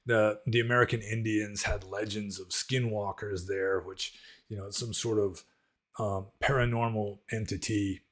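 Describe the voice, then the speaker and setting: A man's voice: lowish voice, steady tone, normal speed, fairly bright tone. A middle-aged man answering viewer questions in a loose, rambling way, full of restarts and fillers. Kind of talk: casual Q&A talk.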